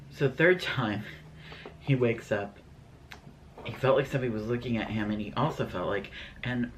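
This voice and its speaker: Casual storytime vlogger, male, middle pitch, rambling and scatterbrained, faint hiss. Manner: scatterbrained, rambling, many fillers.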